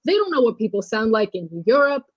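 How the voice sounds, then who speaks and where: A woman's voice: on the high side, big pitch swings, fairly quick, muffled recording. A woman guest arguing emphatically in a casual comedy debate. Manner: emphatic and argumentative.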